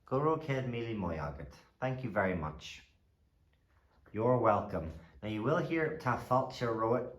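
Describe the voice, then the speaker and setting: A man teaching a language lesson, saying each phrase and then repeating it slowly for the listener. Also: fairly low pitch, expressive, fairly bright tone, roomy sound.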